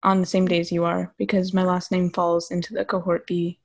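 A woman's voice: on the low side, completely flat delivery, a little fast, creaky, darkish tone. Teen girl, podcast co-host, casual chat, teasing, laughs often. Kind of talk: casual chat among friends.

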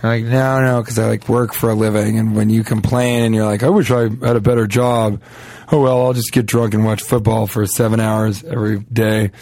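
A man co-hosting a comedy podcast, telling rambling stories in casual banter and mocking people with quick impressions. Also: lowish voice, flat delivery, a little mellow, dry recording.

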